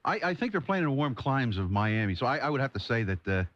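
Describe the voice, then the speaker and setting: A man's voice: mid-range voice, big pitch swings, fast, a bit bright, no echo. A man who hosts a radio show, chatting casually and easily on air with a chuckle in his voice. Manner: chuckling, easygoing. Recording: dull lo-fi AM radio broadcast.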